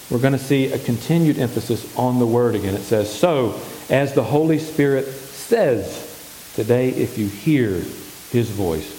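A man's voice: medium pitch, dark tone. A male pastor preaching a sermon, asking the congregation questions and answering them himself. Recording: echoey hall with faint hiss.

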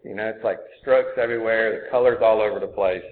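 A man's voice: lowish voice, steady tone, fast, slight background noise. A man preaching a sermon, earnest and conversational, often thinking aloud as he goes. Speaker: pastor. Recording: tinny phone-like sound.

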